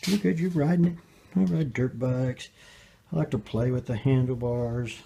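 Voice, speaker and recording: A man's voice: medium pitch, steady tone, normal speed, gravelly, mellow, a little hiss or hum. An older man filming a casual home video, chatting and coaxing his baby granddaughter as he talks to her.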